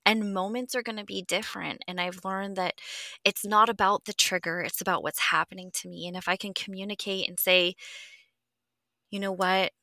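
Woman podcast host, bright clear tone, candid and reflective, swears casually, dry close sound. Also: mid-range voice, fairly even intonation, normal speed, dry recording. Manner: earnest and reflective, swears freely, sometimes drops to a near whisper. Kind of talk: candid conversational chat.

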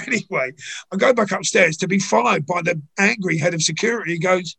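An older man, a guest in an interview, telling anecdotes in a chatty way full of "you know"s, with a gravelly, husky voice. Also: sits high, a little fast, sharp tone. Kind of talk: conversational storytelling.

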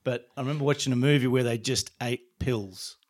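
A man's voice: medium pitch, a little fast. A man in his fifties, co-hosting a podcast in casual chat, jokey and often butting in. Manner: jokey, interrupting. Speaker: co-host.

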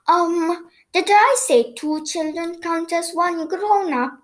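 A woman voicing an eager, cheerful little toy boy in a children's storybook reading, exclaiming excitedly. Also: very high-pitched, slow pace, pitched above the performer's own voice.

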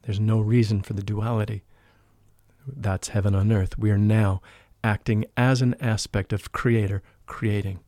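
A man talking as a guest in an interview, telling a personal spiritual story in an earnest, emotional way. He often drops into a hushed voice when he quotes people. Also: lowish voice, little pitch movement, measured pace, no echo, clean studio sound. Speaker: podcast guest, spiritual life coach.

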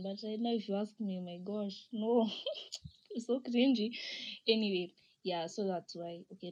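A woman's voice: mid-range voice, husky, muffled recording. A young woman with a Kenyan accent, hosting a podcast and chatting casually as she reads out listener comments, laughing often and slipping Swahili slang into her English. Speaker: podcast host.

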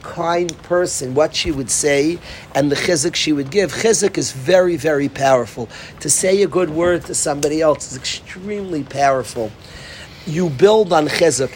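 A man teaches a class to students, earnest and full of repeated phrases. His voice sits slightly high, and faint hiss lies under the recording. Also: a little mellow. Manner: earnest, repetitive, mixes Hebrew and Yiddish terms. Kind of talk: Torah class talk.

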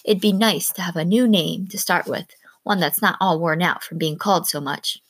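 A woman's voice: on the low side, normal speed, fairly bright tone, husky, dry recording. Woman doing a restless young girl. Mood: wistful. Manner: earnest, wistful and defiant.

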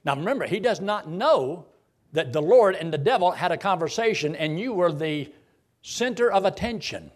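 A man preaching a sermon in a dramatic, folksy style, firing off rhetorical questions. His voice runs high and swings widely, rising and falling for effect. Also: expressive, normal speed.

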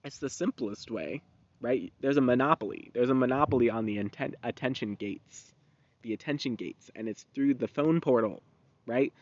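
A man's voice: mid-range voice, moderate pace, dry recording. Young guy ranting on his podcast, swears a lot, dull dry lo-fi sound. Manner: rambling, profane, animated. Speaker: podcast host. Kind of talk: casual podcast monologue.

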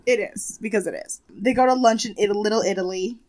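Woman co-host, mid-pitch, chatty and sarcastic, swears casually. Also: fast, a little mellow, poor audio. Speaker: podcast co-host. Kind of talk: casual chat.

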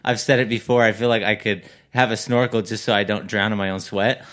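A man's voice: on the low side, steady tone, a little fast, fairly bright tone. A man hosting a podcast interview, asking long rambling questions with lots of jokes and laughter. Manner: rambling, jokey, laughs often.

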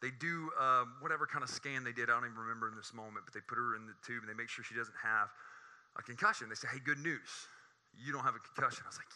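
A man, preaching a sermon and telling a personal story in an animated, conversational way. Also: mid-range voice, racing. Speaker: pastor.

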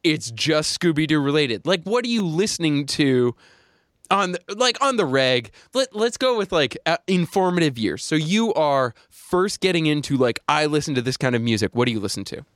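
Man podcast host, rather high voice, dry close sound, giggly rambler. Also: big pitch swings, normal speed, fairly bright tone, no echo. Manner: giggly, rambling with many fillers. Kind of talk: casual podcast chat.

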